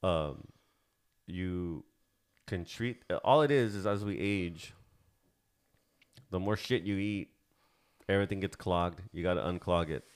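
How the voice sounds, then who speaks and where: Co-hosting a laid-back podcast, a man in his thirties speaks in a rambling, profane style full of fillers. His low voice moves at an unhurried pace with long pauses.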